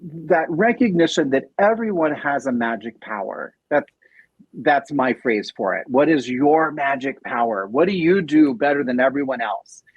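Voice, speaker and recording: A man's voice: mid-range voice, animated, normal speed, breathy edge, dry recording. A man speaking as a podcast guest in casual conversation, thoughtful, with many fillers and restarts, on a dull lo-fi recording. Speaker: podcast guest, nonprofit operations director.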